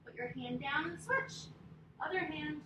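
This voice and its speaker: A woman leading young children through an interactive story and yoga lesson, expressive and prompting them to repeat after her. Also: high voice, a little slow. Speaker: preschool teacher leading kids' yoga. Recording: echoey, distant, noisy room.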